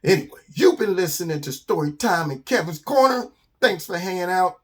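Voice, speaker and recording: A man hosting his own channel, telling a children's story in a casual, slangy, animated way. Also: sits high, brisk.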